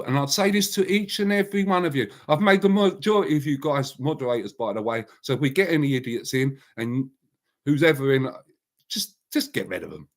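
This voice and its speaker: Rambling man hosting a live chat. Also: fairly high pitch. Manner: rambling, blunt, reads out viewers' names. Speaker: livestream host.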